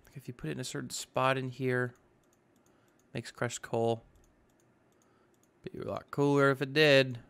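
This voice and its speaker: A man's voice: mid-range voice, level tone, unhurried, creaky, long pauses, a bit bright, clear, resonant tone. A man giving casual, chatty commentary on his own gameplay, thinking aloud and tossing in exclamations. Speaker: gaming YouTuber. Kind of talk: casual let's-play commentary.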